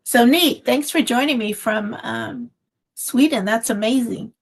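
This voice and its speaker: A woman's voice: on the high side, unhurried, husky. A woman hosting a casual craft live stream from home, chatting in a meandering way with lots of fillers, recorded on a phone. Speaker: craft channel host.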